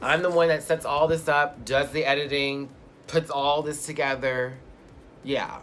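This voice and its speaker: A man's voice: fairly high pitch, steady tone, unhurried, over music. A man co-hosting a casual chat show, playful and sassy, reading out viewer questions and joking along the way. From Houston. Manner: playful, sassy, drifts into put-on accents. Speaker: co-host.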